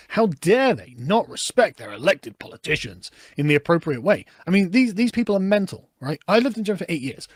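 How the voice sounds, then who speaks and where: A man's voice: high-pitched, sing-song, brisk, dry recording, studio quality. Sarcastic British man reacting to news. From Britain. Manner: sarcastic, laughs while reading. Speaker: political commentator.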